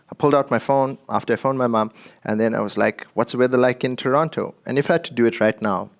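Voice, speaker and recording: A man's voice: mid-range voice, creaky. A man giving a conversational, joking tech presentation to an audience. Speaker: conference speaker.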